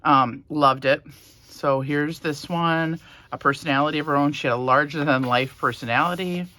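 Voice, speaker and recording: Bright-voiced woman showing a craft journal. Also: sits low, fairly even intonation, moderate pace, no room sound. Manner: soft, emotional, rambling with fillers. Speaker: crafting vlogger. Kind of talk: casual show-and-tell.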